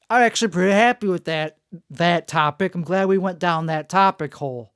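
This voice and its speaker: A man's voice: fairly high pitch, brisk, fairly bright tone, clear, resonant tone, no echo, clean studio sound. A man hosting a rambling solo podcast, talking through barely moving lips in a self-mocking way, his voice strained and worn. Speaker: podcast host. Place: indoor room.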